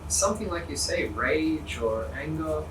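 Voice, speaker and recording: A soft-spoken Australian man talking casually in easy banter. His voice sounds distant from the mic, in a roomy space with a light hiss underneath. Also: on the high side, animated, measured pace. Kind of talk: casual chat. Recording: echoey room, off mic, faint background noise.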